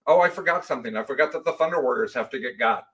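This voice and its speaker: A man co-hosting a casual podcast, recapping lore playfully and sarcastically, often slipping into quick mock voices for the people he quotes. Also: mid-range voice, expressive, a bit bright, low-quality recording. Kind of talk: casual chat.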